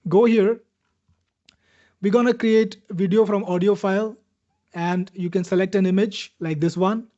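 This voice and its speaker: High-voiced salesy man hosting a webinar. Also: steady tone, a little slow, warm tone, dull audio. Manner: upbeat, salesy, addresses viewers by name. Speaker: webinar host demoing software. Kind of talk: live product demo answering viewer questions.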